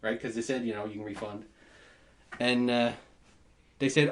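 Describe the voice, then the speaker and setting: A man telling a story in casual podcast chat, animated, laughing and swearing as he goes. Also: mid-range voice, normal speed. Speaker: podcast host.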